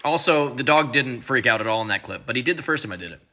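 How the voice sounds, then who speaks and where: A man's voice: medium pitch, expressive, fast, bright, forceful tone. A father filming a family vlog, talking to his young sons in a playful, affectionate, encouraging way. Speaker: father and vlogger. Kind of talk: casual family vlog chat.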